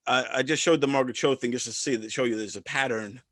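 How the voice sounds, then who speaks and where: A man's voice: mid-range voice, steady tone, fast, a bit bright, dry recording, studio quality. A man co-hosting a podcast, talking casually and rambling with frequent restarts and stammers. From part Filipino descent. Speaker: podcast co-host. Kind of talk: casual commentary chat.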